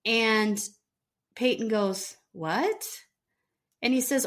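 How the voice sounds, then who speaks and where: A woman's voice: fairly high pitch, slow pace, pauses often. A middle-aged woman co-hosting a podcast, telling a story and acting out the dialogue. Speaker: podcast co-host. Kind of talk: casual chat, storytelling.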